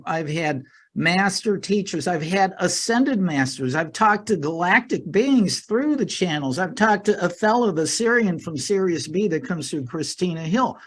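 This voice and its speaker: A middle-aged man guesting on a podcast, talking earnestly with many fillers and repeated words. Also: sits high. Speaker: podcast guest, life coach. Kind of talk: casual interview talk.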